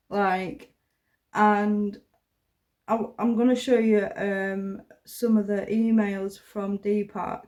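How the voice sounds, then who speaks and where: A woman's voice: medium pitch, a little mellow. A woman hosting an online video, talking casually and rambling, with many fillers, asides and some swearing. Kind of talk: casual commentary to camera.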